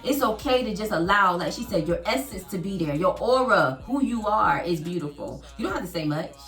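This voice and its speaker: Kobieta z zapałem głosząca o wierze, z daleka, muzyka w tle. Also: female voice, mid-range voice, a little fast, roomy sound, distant mic, soft background music. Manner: preachy, animated storytelling. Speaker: podcast host. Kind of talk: casual faith-based chat.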